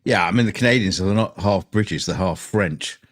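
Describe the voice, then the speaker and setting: A man's voice: sits low, brisk, dry recording. A man co-hosting a casual chat, reading out viewer comments with an easygoing, hesitant manner. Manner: easygoing, dry, hesitant with fillers.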